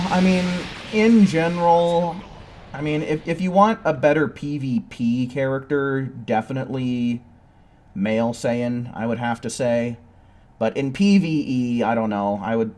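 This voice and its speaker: A man's voice: medium pitch, normal speed, slight background noise. A man giving casual, rambling commentary while playing a video game, with occasional swearing outbursts. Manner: chatty, rambling, profane outbursts. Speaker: gaming streamer.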